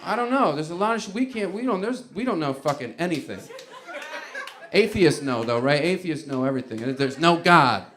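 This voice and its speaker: A man's voice: a little high, animated, fairly quick, a little hiss or hum. A man doing a stand-up comedy set in a rambling, conversational way, often laughing at his own bits. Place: comedy club stage before a live audience.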